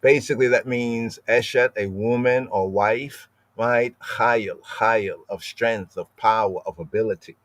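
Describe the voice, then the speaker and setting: Male podcast teacher, mid-pitched, dry studio sound, keeps checking in with "right?". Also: fairly even intonation, a little slow, few pauses, no echo. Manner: explanatory, keeps adding "right?" and repeats words; lingers over word pronunciations. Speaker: podcast host teaching scripture. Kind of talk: live-streamed scripture study.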